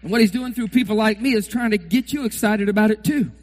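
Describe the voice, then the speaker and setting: A middle-aged man preaching a sermon, acting out sports fans yelling at the TV. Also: high-pitched, fast. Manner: animated, acts out fans shouting at the TV.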